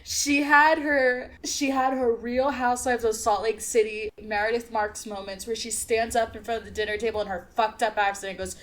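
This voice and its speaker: A woman's voice: on the high side, level tone, normal speed, hardly any pauses, a bit bright. A woman co-hosting a podcast in casual chat, joking and laughing often, with silly put-on voices for the characters. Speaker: podcast co-host.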